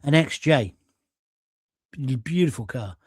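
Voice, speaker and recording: A man's voice: medium pitch, lively intonation, slow pace, a little mellow, husky, dry recording. An older man hosting a live online talk show, blunt and sarcastic, reading viewer comments and mocking people in little skits. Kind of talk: ranting live-stream commentary.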